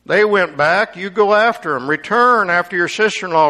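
A man's voice: on the high side, animated, moderate pace, few pauses, pushed and bright. A man preaching a sermon, reading scripture aloud and commenting on it with rising emphasis.

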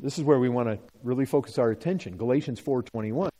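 A man's voice: medium pitch, fast talker, mellow. A man teaching from the Bible to an audience, emphatic, asking rhetorical questions and repeating his points. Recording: long hall reverb.

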